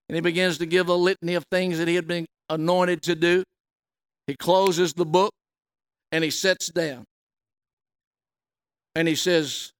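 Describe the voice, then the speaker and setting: A middle-aged man delivers a homespun sermon and reads from scripture. His voice sits slightly high and swells loud on quoted words. The sound is dry and close. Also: fairly even intonation, normal speed, clear, resonant tone, no room sound. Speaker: preacher.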